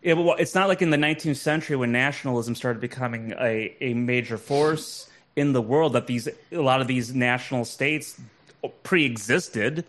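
A man's voice: mid-range voice, normal speed, fairly bright tone. A man co-hosting a casual talk show, speaking in a musing, argumentative, hesitant way. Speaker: co-host. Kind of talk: casual discussion.

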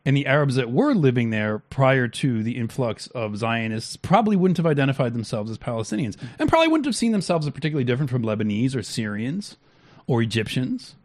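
A man's voice: medium pitch, very animated, fast, darkish tone. A man co-hosting a talk stream, reacting to clips in blunt, crude, heated talk with many restarts. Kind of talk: casual profane commentary.

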